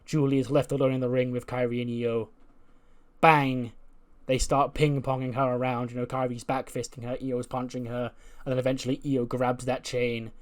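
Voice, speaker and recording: A man's voice: mid-range voice, brisk, hardly any pauses. Chatty man recapping a wrestling game. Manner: chatty, with frequent fillers; animated play-by-play of match events. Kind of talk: casual storytelling recap.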